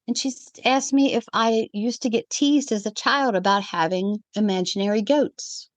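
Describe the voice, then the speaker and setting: A woman guest on a podcast, telling her own story in a lively way and acting out the lines of the people in it. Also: fairly high pitch, normal speed, no room sound. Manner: animated storyteller who acts out the quoted dialogue. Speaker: guest, evidential medium. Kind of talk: personal storytelling in a podcast conversation.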